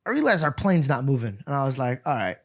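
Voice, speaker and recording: A young man co-hosting a podcast who tells an excited, joking story and swears often. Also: medium pitch, fast talker. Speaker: podcast co-host. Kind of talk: casual storytelling chat. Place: podcast studio.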